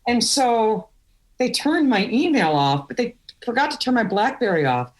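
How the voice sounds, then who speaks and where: A middle-aged Wisconsin woman, a guest on a podcast, tells candid stories with laughs in a storytelling interview. Her voice is a little high and sing-song, at a moderate pace.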